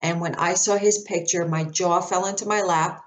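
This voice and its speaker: Woman, lowish voice, chatty storyteller to camera, dry throat, lots of fillers. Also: moderate pace, slight background noise. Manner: chatty, animated, many fillers and restarts. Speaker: psychic medium.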